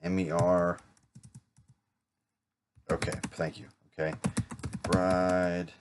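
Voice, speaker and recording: Low-voiced man rehearsing a sales pitch. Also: noisy background. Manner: casual, chatty, self-correcting with small jokes. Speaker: insurance agent rehearsing a client pitch. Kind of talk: practice sales role-play.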